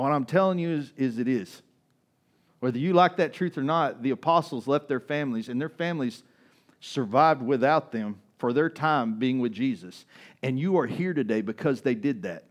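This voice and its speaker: Male pastor, sermon delivery, conversational, somewhat high-pitched, big swings between loud and soft. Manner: conversational preaching with frequent "right?" asides.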